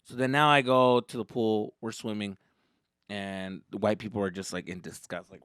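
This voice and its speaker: A young man telling a comic story as a podcast host, profane and animated, jumping into voices. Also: lowish voice, moderate pace, smooth, dry recording, studio quality.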